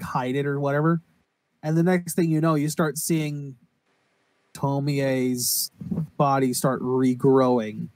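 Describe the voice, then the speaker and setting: With a medium-pitched, slightly mellow voice and no echo, a man co-hosts a relaxed podcast. He meanders through the story of a horror anime, swearing as he goes and acting out the quotes.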